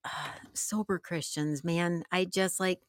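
A woman's voice: lowish voice, steady tone, takes it slowly, dry recording, clean studio sound. A woman co-hosting a faith podcast, chatting casually with laughing, exclamatory enthusiasm. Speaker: podcast co-host. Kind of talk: casual chat.

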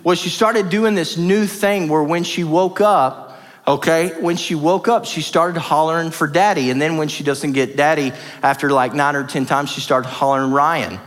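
A man's voice: fairly high pitch, fairly even intonation, normal speed, a bit bright. A man preaching a sermon as pastor, passionate and emphatic, with lots of repetition. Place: church hall. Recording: reverberant church hall.

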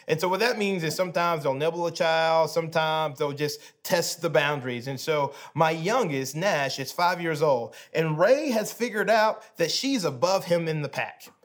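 A man in his thirties giving a sermon as a pastor, telling a family story and moving from hushed, soft moments to animated ones. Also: on the high side, normal speed, few pauses.

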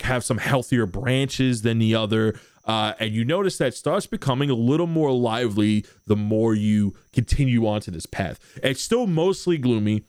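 A man running a tabletop game as game master, narrating scenes in a relaxed, rambling way. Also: medium pitch, no room sound, clean studio sound. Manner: relaxed, rambling description with many fillers.

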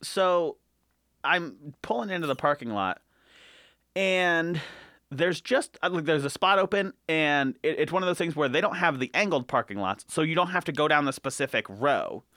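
A man co-hosting a casual chat, quick with jokes and wisecracks. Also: on the high side, animated, bright, forceful tone, dry recording, clean studio sound. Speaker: podcast co-host.

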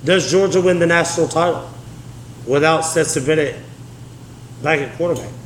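Man, podcast host, slightly high voice, chatty and jokey, echoey room. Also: normal speed. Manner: chatty, joking, talks straight to listeners. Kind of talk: casual solo sports podcast. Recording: echoey room with faint hiss.

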